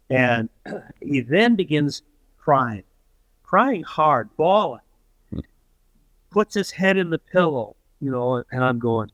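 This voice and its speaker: A man's voice: fairly high pitch, big pitch swings, slow, long pauses, fairly bright tone, no room sound, rough recording. An older man telling a story as an interview guest, animatedly acting out the voices of the people he quotes.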